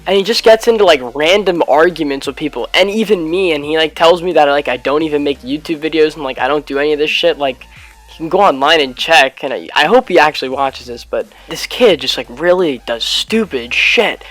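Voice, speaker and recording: A man's voice: fairly high pitch, a little fast, a bit bright, soft background music. A teenage boy telling a school story in a casual vlog, rambling with lots of filler words and swearing. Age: late teens, high school student. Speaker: YouTube gaming vlogger.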